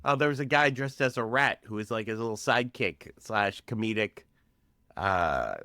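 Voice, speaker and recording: Animated, joking young man on a podcast. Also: on the low side, normal speed, no echo, studio quality. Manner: animated, joking, jumps into shouts. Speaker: podcast guest. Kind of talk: casual podcast banter.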